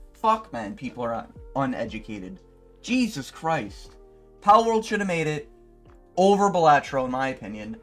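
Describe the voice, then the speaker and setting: A young man YouTuber ranting in a profane, exasperated way, with sudden loud outbursts. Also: fairly high pitch. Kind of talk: ranting commentary video.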